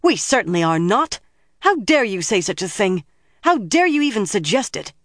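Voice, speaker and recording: A narrator voicing a proud, fiery young woman who talks with a sharp, demanding edge, read in a dry studio audiobook. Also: low voice, normal speed, dry recording. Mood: indignant.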